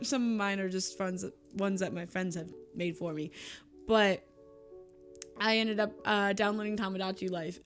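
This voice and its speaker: A young YouTuber and streamer chats casually to camera in her monthly vlog, with a mid-range, fairly bright voice. She's emotional and gushing, laughing often while turning tearful.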